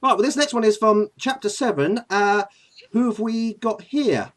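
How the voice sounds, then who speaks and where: A man's voice: high-pitched, moderate pace. A man hosting a casual comedic chat, chatty and giggly, often apologetic. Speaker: host.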